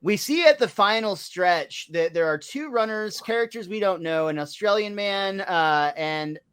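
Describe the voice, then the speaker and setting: A man co-hosting a relaxed podcast, recapping a cartoon episode. His voice sits a little high, and he talks loosely with plenty of fillers and easy laughter. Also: measured pace, smooth. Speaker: podcast co-host. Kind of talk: casual chat recapping an episode.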